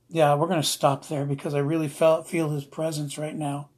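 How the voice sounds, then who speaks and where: A man preaching an emotional sermon, earnest and repetitive, slowing down to stress his words. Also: on the high side, flat delivery, a little mellow, breathy edge. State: emotional, near tears.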